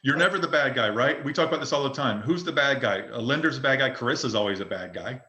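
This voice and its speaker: A man's voice: mid-range voice, animated, quick pace, pushed and bright. A man coaching real estate agents in a casual open forum. He speaks emphatically, repeats himself and often restarts his sentences. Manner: emphatic, repetitive, frequent restarts. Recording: roomy echo.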